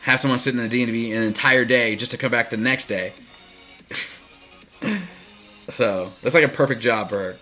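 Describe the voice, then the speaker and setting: A man with a bright, forceful voice rambles through live gameplay commentary. He is chatty, laughs easily and breaks off to answer his viewers. Soft game music plays faintly under him. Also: mid-range voice, steady tone, moderate pace, pauses often. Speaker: streamer.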